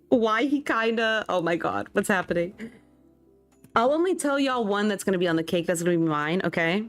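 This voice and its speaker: A woman's voice: mid-range voice, no room sound. A young woman streaming and chatting casually with her viewers. She reacts to chat and laughs often.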